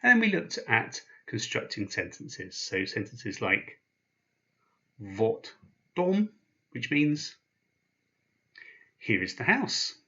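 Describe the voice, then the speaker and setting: A man teaching a language lesson, patient and slow, pausing after each sound he spells out. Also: mid-range voice, wildly swooping pitch, bright, forceful tone, muffled recording. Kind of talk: explaining slowly, with pauses.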